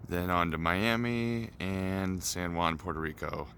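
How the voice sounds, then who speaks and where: A man's voice: low-pitched, unhurried, vocal fry, a little hiss or hum. A man from Minneapolis recording a casual travel vlog, talking tiredly to the camera. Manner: tired, relaxed talk to camera. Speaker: touring comedian.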